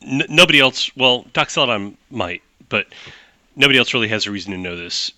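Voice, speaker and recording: A man's voice: medium pitch, animated, brisk, bright, forceful tone, dry recording. A man narrating a tabletop game as game master, explaining rules at length with frequent restarts.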